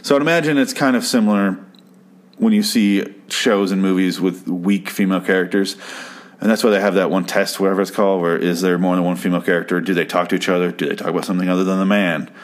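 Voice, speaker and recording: A man with a lowish voice rants through a show recap in loose, casual commentary. He swears often, trails off and restarts, and sounds openly exasperated with the characters. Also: steady tone, quick pace. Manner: profane, exasperated, rambling with restarts.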